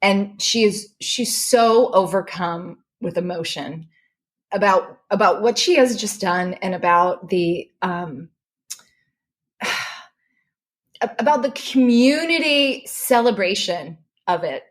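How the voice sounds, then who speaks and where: A middle-aged woman recounting a personal memory in an animated, emotional way. She restarts her sentences often as feeling catches up with her. Her pitch sits in an ordinary middle range for a woman. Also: slow pace. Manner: animated, restarts when moved. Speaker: podcast guest, correspondent. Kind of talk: emotional storytelling.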